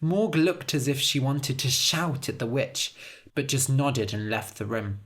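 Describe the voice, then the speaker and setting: A woman narrating a story for English learners as a scripted read-aloud, with an expressive, lively delivery. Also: extremely low pitch, a little slow.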